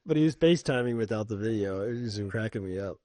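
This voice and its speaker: A middle-aged man with a fairly low voice co-hosts a casual podcast chat. He tells stories in an animated way and swears freely. The sound is dry and close. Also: fast, no echo. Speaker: podcast co-host.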